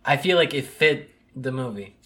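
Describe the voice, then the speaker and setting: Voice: medium pitch, lively intonation, moderate pace, a bit bright. A speaker in casual chat, laid-back, retelling a movie plot with casual swearing.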